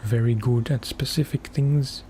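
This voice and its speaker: A man streaming a game for relaxation, talking softly in unhurried, musing asides. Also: medium pitch, fairly even intonation, a little hiss or hum. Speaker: gaming ASMR streamer. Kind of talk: soft-spoken gameplay commentary.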